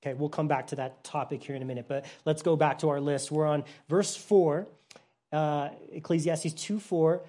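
A Bible teacher preaching a sermon, explaining in plain, simple words with frequent restarts, and swinging from loud emphasis to hushed softness. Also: medium pitch, fairly even intonation, moderate pace.

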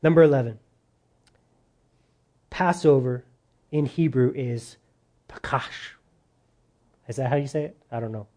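A man preaching a sermon to his church, animated and rising loud on his points. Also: medium pitch, moderate pace, long pauses. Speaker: pastor.

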